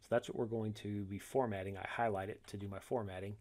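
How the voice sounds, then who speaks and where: A man walking through a software tutorial step by step, reading each instruction and then demonstrating it, correcting himself along the way. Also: fairly low pitch, steady tone, quick pace. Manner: methodical, reads steps then demonstrates, self-corrects.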